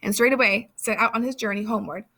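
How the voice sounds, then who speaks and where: A woman reading literary passages aloud in a measured, expressive way. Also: mid-range voice. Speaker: reader.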